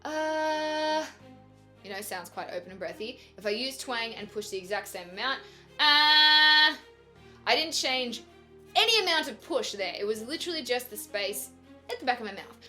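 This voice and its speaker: Bright, chatty young woman singing teacher. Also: medium pitch, animated, fairly quick, soft background music. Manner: upbeat and chatty, demonstrates sung exercises. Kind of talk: vocal lesson vlog.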